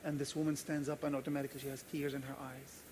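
A man's voice: mid-range voice, flat delivery, racing, a little mellow, a little hiss or hum. A man pastor preaching a sermon, earnest and emphatic, repeating key phrases and telling personal stories.

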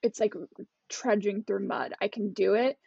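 A woman with a gravelly, heavily fried, husky voice talks frankly about herself, often restarting her sentences. The sound is dull, lo-fi and dry. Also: medium pitch, big pitch swings, a little slow, darkish tone, no echo. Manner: candid, self-reflective, trails off and restarts. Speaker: culture expert, podcast co-host. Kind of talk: casual podcast chat.

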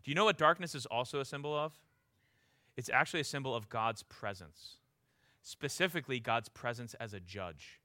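A man preaching a sermon with passion, pressing his listeners with repeated rhetorical questions and stumbling into quick restarts. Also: medium pitch, expressive, bright, forceful tone, dry recording, studio quality.

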